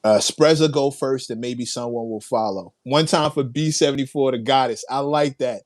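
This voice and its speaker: A man's voice: medium pitch, moderate pace, no room sound. A man hosting a casual livestream, reacting to viewer comments with hyped, laughing energy, playful slang and lots of repeated phrases. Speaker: livestream host.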